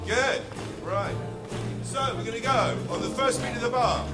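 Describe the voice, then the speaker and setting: Energetic man leading a band workshop. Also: high-pitched, normal speed, over loud music. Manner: energetic, call-and-response chanting of scat syllables. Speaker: workshop leader. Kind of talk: leading a live music workshop. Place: school hall with live band and audience. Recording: echoey hall, mic far off, loud band and crowd.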